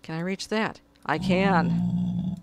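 A woman's voice: lowish voice, steady tone, takes it slowly, gravelly, heavy background noise. A woman giving casual gameplay commentary, muttering to herself and pleading with her cat at her desk. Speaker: gamer.

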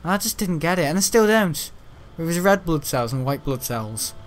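Gaming host: fairly high voice, loose and jokey, chatting casually over play. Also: male voice, expressive, normal speed. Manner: rambling, jokey, laughs often. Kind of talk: casual gameplay commentary.

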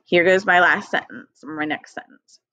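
A woman's voice: on the low side, normal speed, pushed and bright, no room sound. A woman teacher leading a recorded early-grade phonics lesson, patient and encouraging, spelling out letters one by one. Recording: dry, dull lo-fi home recording.

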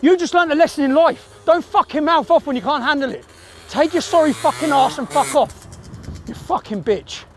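Shouting, swearing man. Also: extremely high pitch, moderate pace. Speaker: activist filming a confrontation. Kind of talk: heated street confrontation. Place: outdoor car park.

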